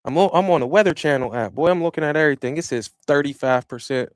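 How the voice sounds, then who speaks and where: Lively man hosting a lawn care podcast. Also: on the high side, fast talker, clean tone, no echo, clean studio sound. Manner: animated storytelling with slang and shifts in loudness. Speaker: podcast host. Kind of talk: casual chat. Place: small home studio. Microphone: studio microphone he operates himself.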